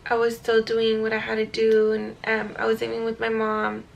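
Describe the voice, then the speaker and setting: A young woman chats straight to her viewers in a loose storytime vlog, peppering her talk with likes, ums and casual swearing. Her voice sits a little high and carries a gravelly fry, and she comes across as relaxed and informal. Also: moderate pace, slight background noise. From California. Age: young adult. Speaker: vlogger telling her life story.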